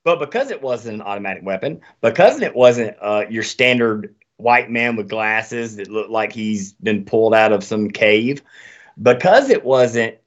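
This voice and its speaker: A man's voice: medium pitch, muffled recording. A man hosting a podcast, ranting in casual chat with plenty of swearing. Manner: animated, profane ranting.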